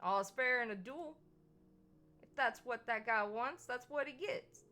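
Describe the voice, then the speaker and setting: A woman's voice: a little high, unhurried, bright, forceful tone. Woman voicing a brash tough-talking city guy. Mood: defiant. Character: brash young man with a tough big-city attitude. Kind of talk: visual novel read-aloud with character voices.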